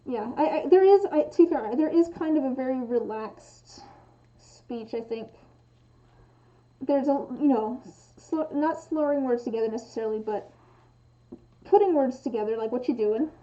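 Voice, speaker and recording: Through lo-fi sound, a young woman with a high, mellow voice talks at a moderate pace while making resin dice on a livestream. She has a western American accent, often clipping the g from -ing endings, and rambles casually, thinking aloud with lots of restarts and fillers.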